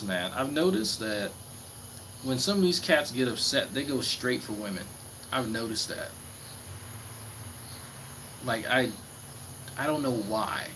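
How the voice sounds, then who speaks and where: A man's voice: mid-range voice, a bit bright, slight background noise, low-quality recording. A man ranting in casual commentary, profane and mocking. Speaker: commentary host.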